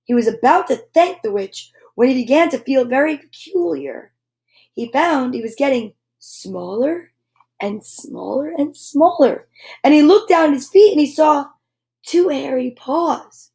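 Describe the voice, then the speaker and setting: Casting: woman host reading picture books to kids live, gentle and unhurried, voice a bit high. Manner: animated, gentle and sweet toward children. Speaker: children's storyteller host.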